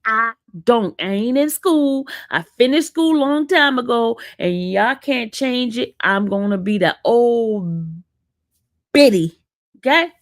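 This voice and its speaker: East coast lady on a livestream, sassy and teasing, kinda high voice. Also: lively intonation, takes it slowly, no room sound, studio quality. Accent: East Coast American. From northern US. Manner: sassy, teasing, talks back to chat. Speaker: livestream host. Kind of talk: casual livestream chat with viewers.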